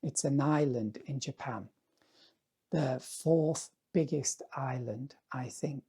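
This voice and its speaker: A man, an artist, talking casually to the camera in a rambling, musing way with a hoarse voice that is going dry. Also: medium pitch, takes it slowly, dark tone. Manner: rambling, musing, often asks "yeah?".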